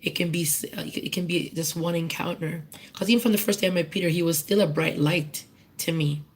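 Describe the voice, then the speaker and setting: In an informal personal testimony at church, a woman pays tribute in an earnest, candid way, often restarting and repeating herself as she searches for words. Her voice sits on the low side, slightly rough, and she talks a little fast.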